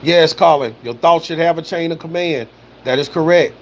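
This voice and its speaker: A man's voice: on the high side, normal speed, a little hiss or hum. A man hosting a livestream, reading viewer comments and talking in a loose, rambling way, full of "you know" and "man" and swearing. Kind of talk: casual spoken commentary.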